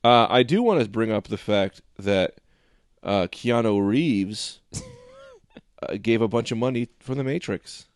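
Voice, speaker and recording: A man's voice: medium pitch, lively intonation, slow pace, no room sound, studio quality. A man co-hosting a crude comedy podcast, teasing the others and steering the show. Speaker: podcast co-host.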